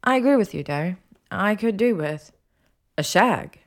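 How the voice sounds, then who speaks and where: Woman reader doing a sharp, insistent young witch, pitched up from the narration. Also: lively intonation, a little slow. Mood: testy. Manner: pointed, questioning and insistent. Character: sharp, clever young witch, curious and testy. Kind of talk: audiobook character voice.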